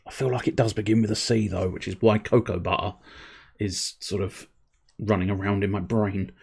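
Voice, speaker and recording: A man's voice: fairly low pitch, steady tone, normal speed, gravelly, a little mellow, slightly rough. A man in his thirties chatting casually with viewers while streaming a game, rambling and joking with plenty of swearing. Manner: rambling, jokey, sweary, talking to chat. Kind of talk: casual live-stream chat while gaming.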